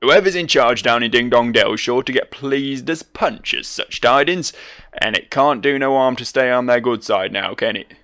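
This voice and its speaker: A man voicing a gruff middle-aged male sky pirate, reading the game's lines aloud in an old-timey pirate growl. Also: mid-range voice, moderate pace, bright, forceful tone. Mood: scornful. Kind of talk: reading game dialogue aloud in voices.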